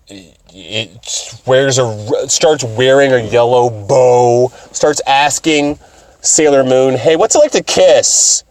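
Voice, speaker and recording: A man hosting a casual video, recapping an anime in an animated, profane way and laughing often. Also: medium pitch, dry recording. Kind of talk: casual commentary.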